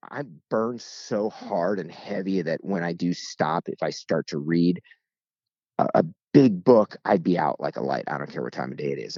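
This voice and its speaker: A man, a guest turkey hunter, telling stories in a casual interview with lively, joking delivery. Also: deep voice, dry recording, highs cut off. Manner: lively, joking, acts out voices in anecdotes.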